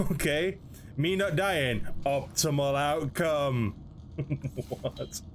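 A man's voice: on the high side, extremely slow, a little hiss or hum. A young man giving casual game commentary, chatting, laughing and talking to creatures in the game. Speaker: gaming video host.

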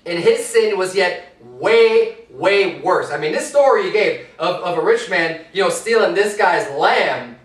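High-voiced preacher in an echoey church. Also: male voice, a bit bright, distant mic. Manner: reads scripture aloud, then explains it in loose everyday talk; rises in pitch and force when stressing a point. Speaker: pastor. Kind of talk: sermon.

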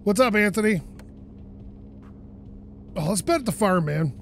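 Unhurried and creaky, this man's high, widely varying voice narrates his own gameplay for a gaming channel let's play. He's animated, chats to himself, and curses when he gets frustrated. Faint game audio and a slight hiss or hum sit in the background.

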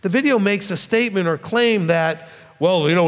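A man who is a rabbi, teaching a sermon in a conversational way that builds to forceful, emphatic points. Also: high-pitched, moderate pace. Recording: long hall reverb.

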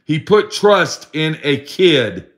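A man's voice: on the high side, very animated, takes it slowly. A middle-aged man telling a sad personal story in a rambling, profane way. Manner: profane, rambling, acts out his friend's voice in quotes. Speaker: vlogger telling a story about a friend.

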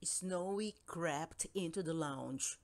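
Slow, expressive woman reading a children's book. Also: low voice. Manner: gentle, expressive storytelling. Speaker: storybook reader. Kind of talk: children's read-aloud narration.

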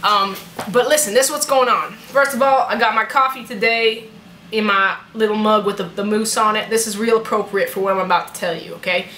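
A woman's voice: medium pitch, fairly even intonation, a little fast, sharp tone, close to an everyday voice. A young woman vlogger chatting casually while putting on a joking Southern US accent, playful and rambling. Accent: put-on Southern US. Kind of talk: casual vlog chat. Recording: echoey room with background noise.

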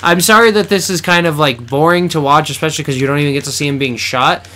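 A man's voice: a little high, fast, pushed and bright, slight background noise. A man giving blunt, teasing commentary while playing through a video game with a friend. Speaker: game co-host. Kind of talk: let's play commentary.

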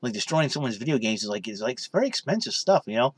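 A man's voice: medium pitch, expressive, fast talker, hardly any pauses, slightly rough, dry recording. A young man casually vlogging from his room in his parents' basement, rambling and saying "you know" constantly. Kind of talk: casual vlog chat.

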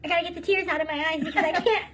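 A very high, bright-voiced young woman chats through a makeup tutorial, giggling as she goes. Her tone is crisp and sharp, and she keeps the talk light and playful. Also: fairly even intonation, racing, a little hiss or hum. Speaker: vlogger. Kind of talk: casual makeup tutorial chat.

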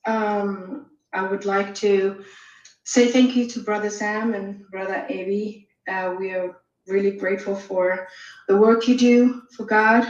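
A woman from Saudi Arabia calls in to a live stream and speaks very slowly and hesitantly, pausing often. Her voice comes through a dull, muffled line, heard from a distance in an echoey room. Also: medium pitch, steady tone. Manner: hesitant, many ums and restarts.

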